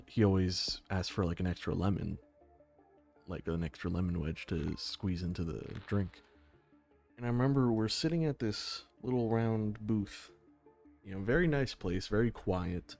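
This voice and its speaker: Young male streamer, low voice, loose and profane, faint music under him. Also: creaky, darkish tone. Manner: swears freely, laughs often. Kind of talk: casual chat with stream viewers.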